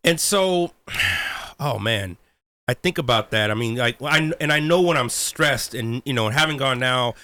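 A man hosts a relaxed conversational interview with a bright, forward tone. He reflects openly and keeps backing up his guest with quick affirmations. The sound is close and dry, with no room around it. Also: mid-range voice, no room sound. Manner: affirming, chimes in with frequent agreement. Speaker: podcast host.

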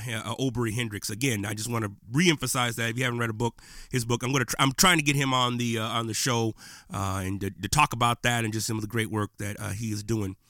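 A man's voice: medium pitch, pushed and bright, no room sound, studio quality. A man hosting his own podcast, talking in an impassioned, preachy and slangy way in a casual monologue. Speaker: podcast host. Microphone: podcast microphone.

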